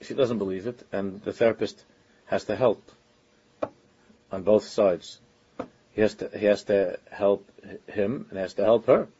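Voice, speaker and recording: A man with a husky, somewhat low voice delivers an informal Torah lecture, speaking earnestly in a loose, conversational way. He often pauses and restarts his sentences as he works through his point. The recording sounds dull and lo-fi. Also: dark tone. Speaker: religious teacher.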